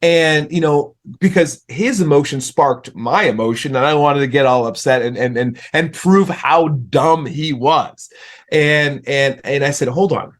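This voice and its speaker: A man guesting on a podcast, telling animated stories in a relaxed conversation, often restarting his sentences. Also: on the high side, unhurried. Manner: animated storyteller, frequent restarts. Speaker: podcast guest, author and speaker. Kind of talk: casual interview conversation.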